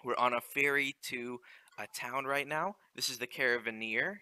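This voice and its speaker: A man's voice: mid-range voice, moderate pace, pushed and bright, smooth, no room sound. Chatty young man commenting on gameplay. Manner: chatty, joking asides with many ums. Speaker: let's play host. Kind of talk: casual game commentary.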